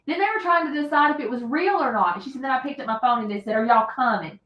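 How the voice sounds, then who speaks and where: A middle-aged woman, hosting a casual livestream and retelling a story in an animated, dramatic way. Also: high-pitched, quick pace, hardly any pauses. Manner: animated, dramatic retelling with loud acted shouts. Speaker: livestream host. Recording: echoey room.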